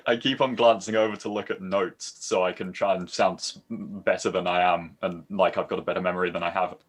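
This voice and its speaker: A man, a podcast guest, chatting in a relaxed, self-deprecating way with casual swearing. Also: low voice, a little fast, husky.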